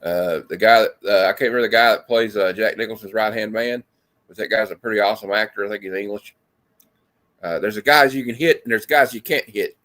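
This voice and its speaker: A man's voice: on the low side, fairly quick, fairly bright tone. A man hosting a casual movie review chat from home over a video call, rambling with lots of fillers. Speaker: host. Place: home room with lights.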